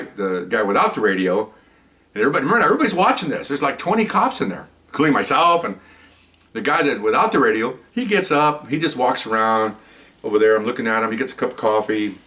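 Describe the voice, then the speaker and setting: A man who used to be a police officer tells a story from his working days in a loose, conversational way. He gets animated as it builds and acts out the other people's lines himself. His voice sounds a little distant from the microphone. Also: on the low side. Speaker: retired police officer telling stories. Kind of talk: casual storytelling.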